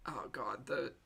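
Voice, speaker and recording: A woman's voice: sits high, creaky. A woman streamer in casual, wry commentary, laughing often as she reacts to videos and reads chat.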